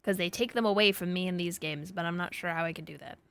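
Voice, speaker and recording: A young woman streaming a game, giving excitable casual commentary, swearing and laughing often. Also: on the low side, fast talker, gravelly, clear, resonant tone. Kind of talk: casual let's-play commentary.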